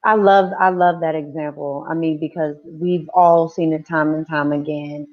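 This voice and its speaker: A woman in her forties on a discussion panel, telling stories in an animated way and acting out other people's lines. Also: deep voice, moderate pace, highs cut off. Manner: animated storytelling with quoted voices.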